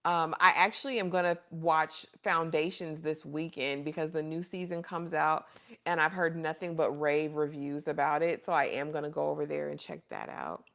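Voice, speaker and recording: A woman hosts a casual livestream, reading viewer comments and chatting in a warm way while calling viewers honey and baby. Her low-pitched voice is fairly bright with vocal fry, a steady tone, and a moderate pace.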